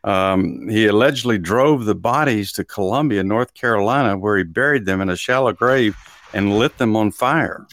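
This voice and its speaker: A man's voice: on the low side, normal speed, a bit bright, dry recording. Folksy man, dry close sound. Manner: folksy, chuckling, hesitant with fillers. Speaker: podcast co-host. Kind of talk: casual chat.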